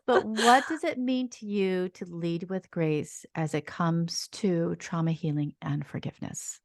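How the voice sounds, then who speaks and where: Lower-voiced woman hosting a podcast. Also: a little slow, no room sound, studio quality. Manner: warm, affirming, effusive with praise. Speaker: podcast host.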